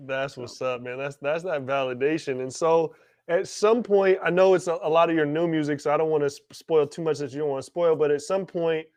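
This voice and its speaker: A man hosts a casual podcast interview in a relaxed, slangy way. His voice sits a little high, and it is recorded dry on a close mic. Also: a little fast, smooth, no room sound. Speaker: podcast host.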